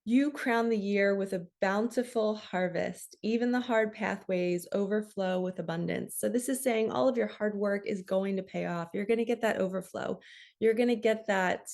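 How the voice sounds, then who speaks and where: Gravelly-voiced woman card reader. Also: medium pitch, normal speed. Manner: soft, heartfelt, tearful at times. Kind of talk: intuitive card reading.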